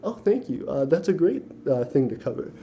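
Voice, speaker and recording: A man's voice: fairly high pitch, very animated, a little fast. A young man hosting a casual livestream, reading viewer comments aloud and answering them, rambling with many fillers and self-corrections. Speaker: livestream host. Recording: dull lo-fi stream audio with faint hiss.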